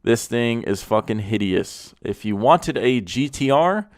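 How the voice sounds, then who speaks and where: A man's voice: mid-range voice, measured pace, hardly any pauses, dry recording, clean studio sound. A young man hosting a car review, talking with blunt, profane, mocking sarcasm. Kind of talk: profane comedic car commentary.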